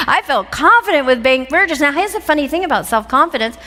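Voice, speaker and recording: A woman with a bright, fairly high voice gives a motivational seminar talk to a live audience. She tells her stories in an animated way and laughs often. Her voice rings through a hall with a long echo. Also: fast talker, hardly any pauses. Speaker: seminar speaker. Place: stage before a live audience. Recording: echoey hall.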